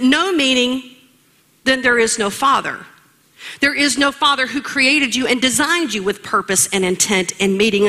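A woman's voice: high-pitched, sharp tone. A woman preaching a sermon in an emphatic, rhetorical way, speaking straight to her listeners.

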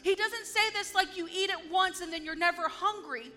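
A woman's voice: extremely high pitch, moderate pace, bright, forceful tone, soft background music. A woman giving an earnest, heartfelt devotional testimony, speaking with emphasis.

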